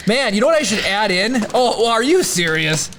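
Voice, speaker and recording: A man hosting a podcast in casual chat, excitable and jokey. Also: high voice, fairly quick, a little hiss or hum. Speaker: podcast host.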